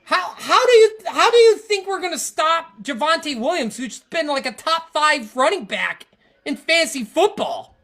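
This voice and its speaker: A podcast host with a high, sing-song voice and a fairly bright tone speaks at a moderate pace. She's ranting casually and with frustration about her football team, rambling and stammering as she restarts her sentences.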